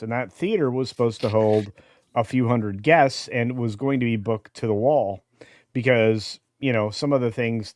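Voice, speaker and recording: A man's voice: lowish voice, darkish tone, no echo, clean studio sound. A man chatting on a podcast panel, enthusiastic and full of restarts. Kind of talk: casual podcast chat.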